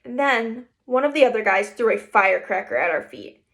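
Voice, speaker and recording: A woman narrating a first-person children's story aloud, lively and engaged. Her voice sits somewhat high with a gravelly, fry-tinged grain. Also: fairly quick. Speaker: reader. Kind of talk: audiobook narration.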